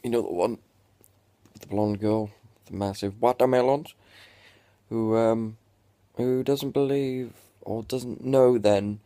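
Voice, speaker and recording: A man's voice: mid-range voice, steady tone, slow, warm tone, no room sound. A young man ranting in a sweary, exasperated and sarcastic reaction vlog. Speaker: vlogger.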